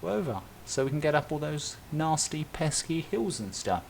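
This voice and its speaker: A man's voice: on the high side, sing-song, normal speed, vocal fry, slight background noise. Rambling man streaming a game. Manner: rambling, thinking aloud with self-talk and tangents. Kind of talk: casual live-stream commentary while playing.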